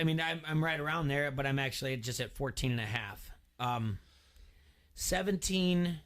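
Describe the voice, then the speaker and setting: Chatty man hosting sports radio. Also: fairly high pitch. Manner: teasing, laughs often, restarts lines. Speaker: radio sports show host. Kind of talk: casual sports chat, picking spreads.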